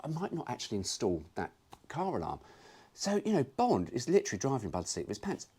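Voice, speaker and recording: A man chats about cars in his own casual video, cheeky and quick to swear for a laugh. His voice is husky and slightly breathy. His pitch swoops up and down a great deal as he tells the story. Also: huge pitch swings, a little mellow. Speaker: car vlogger. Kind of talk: casual chatty commentary.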